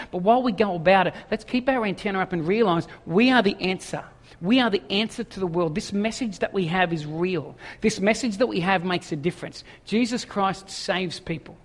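A man preaching a sermon, telling a story with animated quoted voices. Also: sits high. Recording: long echoing hall reverb.

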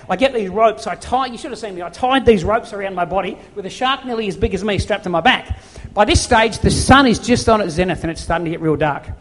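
High-voiced man preaching. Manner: animated, self-deprecating storyteller. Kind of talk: storytelling sermon. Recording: long reverb of a large hall.

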